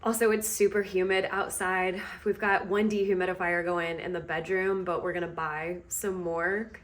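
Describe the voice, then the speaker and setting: A woman recording a casual reading vlog outdoors, chatting and recapping a book while speaking more quietly than usual. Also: lowish voice, level tone, moderate pace. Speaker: book vlogger.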